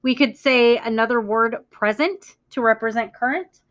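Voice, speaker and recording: Woman teacher w/ a slightly high voice running a vocab lesson, careful clear speech, kinda muffled recording. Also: fairly bright tone. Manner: clear, deliberate teacher talk with stressed words for echoing. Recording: muffled lo-fi audio.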